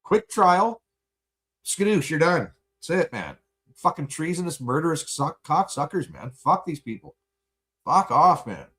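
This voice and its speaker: A man venting in a profane, angry livestream rant, buzzed and high. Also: very animated, measured pace, fairly bright tone.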